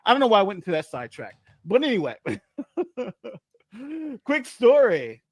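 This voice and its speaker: A man's voice: high-pitched, huge pitch swings, unhurried, no echo. A man co-hosting a casual live stream, boastful and rambling, often repeating himself. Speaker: co-host.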